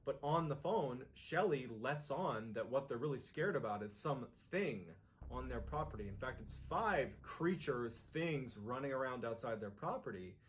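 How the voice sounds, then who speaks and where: A man's voice: medium pitch, expressive, a little slow, a little hiss or hum. Man narrating a tense horror story. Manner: suspenseful, builds intensity.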